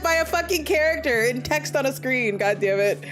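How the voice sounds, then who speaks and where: A young woman streaming a game, reading its text aloud and bursting into loud, cursing, indignant rants. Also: high voice, animated, moderate pace, hardly any pauses. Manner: swears a lot, laughs mid-sentence. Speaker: VTuber streamer. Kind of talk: casual gameplay commentary.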